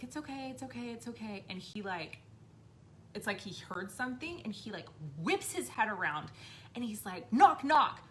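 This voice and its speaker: A woman's voice: lowish voice, fairly bright tone, a little hiss or hum. A woman in her thirties casually telling a personal story on a live stream, full of "like" and swearing. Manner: chatty, swears freely, fillers like "like" and "right". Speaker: live stream host, spiritual medium.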